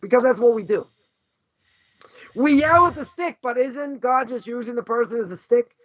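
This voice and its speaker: Very high-pitched rabbi guy, keeps saying "right?", dull dry lo-fi sound. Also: normal speed, fairly bright tone, no room sound. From Boston. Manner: emphatic, rhetorical questions, frequent "right?" and "you know". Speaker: rabbi teaching a class. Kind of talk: animated Torah lesson.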